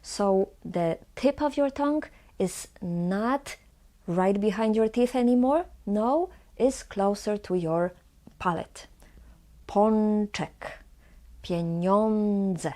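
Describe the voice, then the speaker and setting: A woman with a Polish accent teaching pronunciation, speaking slowly and carefully and saying each example word twice. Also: mid-range voice, lively intonation, warm tone. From Poland. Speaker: language teacher. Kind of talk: pronunciation lesson.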